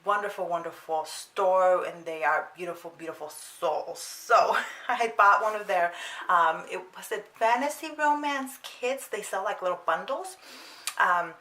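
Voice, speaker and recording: A woman's voice: lowish voice, measured pace, sharp tone. A young woman chatting casually as a book vlogger, with frequent ums and restarts. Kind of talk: casual chat. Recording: roomy sound with faint noise.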